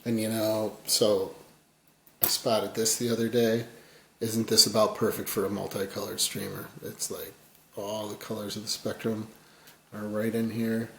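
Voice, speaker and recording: A man with a fairly low voice explains fly tying in a loose, folksy ramble. His words often trail off quietly as he focuses on his hands. The echoey room carries a faint background hum. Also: flat delivery, measured pace, long pauses. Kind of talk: casual tutorial talk.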